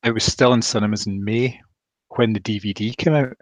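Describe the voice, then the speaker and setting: A man co-hosting a podcast, talking about films in a measured, agreeable way. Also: lowish voice, fairly even intonation, no echo. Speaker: podcast co-host. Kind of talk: casual film chat.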